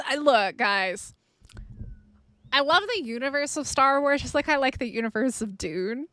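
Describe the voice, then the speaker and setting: A woman's voice: high-pitched, animated, normal speed, pushed and bright. A woman streaming a survival game, chatting playfully with her viewers and laughing often. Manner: playful, giggly, chats with viewers. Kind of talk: casual live-stream chat.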